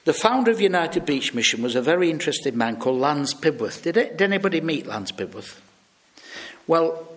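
Lively British man preaching a sermon. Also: on the high side. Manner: storytelling, lively, acts out quoted voices.

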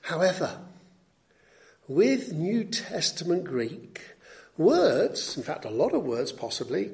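A man's voice: high-pitched, vocal fry, darkish tone. A man preaching an expository sermon, teaching in an emphatic, teacherly way and repeating key phrases for weight.

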